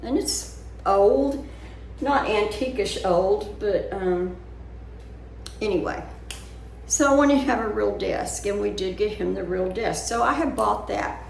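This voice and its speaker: An older woman vlogger chats casually with her viewers from her living room, rambling as she talks through her worries. Her medium-pitched voice has vocal fry, and she goes slowly with long pauses, in a roomy recording with a little background noise.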